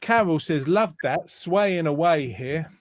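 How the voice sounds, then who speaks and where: A man's voice: a little high, expressive, slow pace, no room sound. A man hosting a casual online show over a video call, chatting and reading viewer comments aloud with plenty of fillers. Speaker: host.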